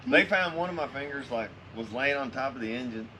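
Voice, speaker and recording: A man's voice: mid-range voice, expressive, fairly quick, sharp tone, slight background noise. A man casually telling a story to friends, swearing constantly in a laid-back drawl.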